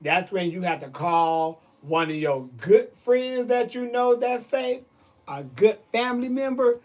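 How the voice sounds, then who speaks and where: A man with a high voice rants to camera in a sassy, emphatic way. He swears freely and talks with loud, punchy conviction. His delivery is casual and unscripted. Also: animated, a little slow. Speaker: vlogger. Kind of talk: casual ranting monologue.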